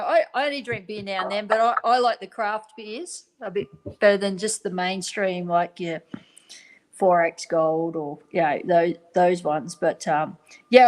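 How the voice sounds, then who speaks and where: A woman chatting casually, relaxed and trailing off with fillers. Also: medium pitch, poor audio. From Australia. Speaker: guest in a chat. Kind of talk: casual chat.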